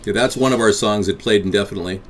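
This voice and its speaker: Lowish-voiced man rambling on a live stream. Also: rapid-fire. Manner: rambling, combative toward chat. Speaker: host of a live streamed talk show.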